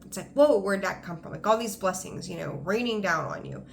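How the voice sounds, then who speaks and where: Excited rambling female tarot reader, gravelly low edge to the voice. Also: brisk, slight background noise. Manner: rambling, enthusiastic, frequent ums. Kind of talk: casual tarot reading to camera.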